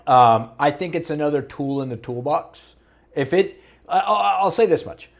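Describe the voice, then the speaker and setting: A man's voice: on the high side, lively intonation, moderate pace, creaky. A man co-hosting a podcast in casual, jokey talk, often restarting his sentences. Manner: jokey and loose, with many restarts. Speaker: podcast co-host.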